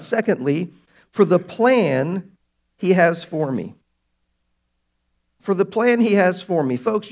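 A man pastor preaching a sermon to his congregation, emphatic and slowing down to stress key words. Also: high voice, gravelly. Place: church sanctuary.

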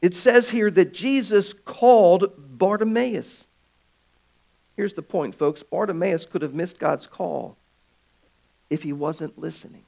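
A man preaching a sermon as pastor of his church, swinging from loud calls to hushed, quiet stretches. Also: high-pitched, takes it slowly, gravelly.

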